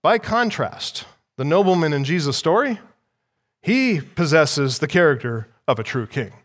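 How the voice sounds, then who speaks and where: A pastor preaching an expository sermon in a measured, emphatic way. He teaches by asking the listeners rhetorical questions and repeating key phrases. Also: on the high side, big pitch swings, a bit bright, long reverb tail.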